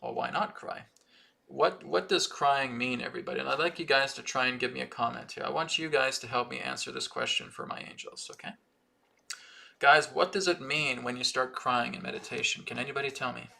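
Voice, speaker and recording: Bright, gravelly-voiced spiritual teacher, man. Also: mid-range voice, brisk. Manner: earnest, repetitive, frequent "right?" and "okay?"; reads viewer comments aloud from the chat. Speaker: spiritual teacher hosting a live stream. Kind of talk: live-stream spiritual teaching and Q&A.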